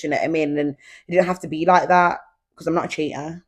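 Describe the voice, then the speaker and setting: A woman's voice: low-pitched, steady tone, quick pace. A young woman hosting her own podcast at home, talking casually and confidingly straight to her listeners. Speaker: podcast host. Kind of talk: casual solo podcast chat. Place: at home, indoors.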